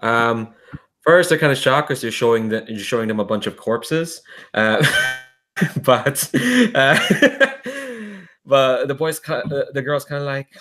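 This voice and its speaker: A man's voice: medium pitch, expressive, slow, fairly bright tone. A man narrating as a tabletop game master, rambling and filling with "kinda" and "like".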